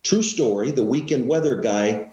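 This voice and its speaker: A man's voice: mid-range voice, normal speed, mellow, lo-fi sound, a little hiss or hum. A man in his fifties, a TV weatherman, telling his career story in a casual interview, self-mocking and acting out the people he quotes. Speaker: guest, TV weatherman. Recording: echoey room.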